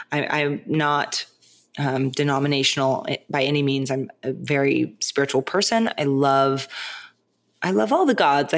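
Low-voiced woman chatting on her podcast, animated, keeps saying right?. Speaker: podcast host. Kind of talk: casual spiritual monologue.

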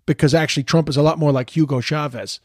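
A man's voice: fairly high pitch, fairly even intonation, fast talker, a little mellow, no room sound, studio quality. A man giving heated, profane political commentary in a casual rant, often stumbling and repeating words.

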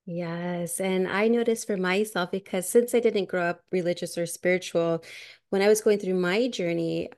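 A woman's voice: on the low side, steady tone, normal speed, a little mellow. A woman podcast host telling a personal story in a chatty way, full of "like" and frequent laughter. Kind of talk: casual conversational storytelling.

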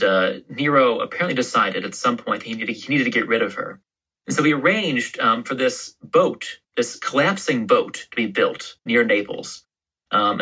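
Historian guest, male, bright and slightly husky, rambling explainer. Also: medium pitch, poor audio. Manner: explains history in long, loose storytelling turns. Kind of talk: podcast interview.

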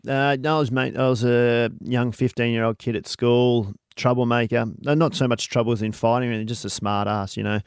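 A man's voice: mid-range voice, brisk, few pauses, clean tone, no echo, clean studio sound. An Australian man, a guest hairdresser, telling stories in a casual interview and often saying "you know". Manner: lively storyteller, leans on "you know".

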